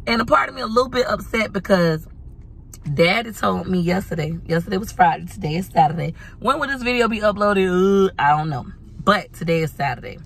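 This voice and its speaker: A woman's voice: medium pitch, animated, a little fast, gravelly, breathy edge. A woman vlogging in casual chat from her van, telling stories in a dramatic, chatty way. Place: parked van at a laundromat.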